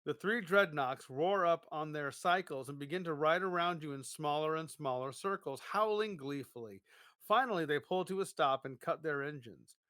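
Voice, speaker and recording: Casting note: playful male podcast host reading a gamebook, bright and slightly high, dry close sound. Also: lively intonation, moderate pace, no echo. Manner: playful, jokey. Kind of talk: reading a gamebook aloud with banter.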